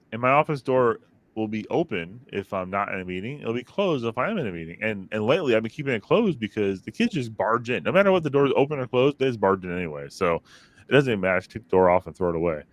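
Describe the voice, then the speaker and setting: A man in his thirties chats casually from his basement home office, rambling through family stories and jumping up in pitch when he acts out what people said. His voice sits fairly low and sounds close and dry on the mic, with no room around it. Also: quick pace, no echo. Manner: rambling, animated storytelling with acted-out quotes. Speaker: podcast co-host. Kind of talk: casual chat. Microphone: studio microphone.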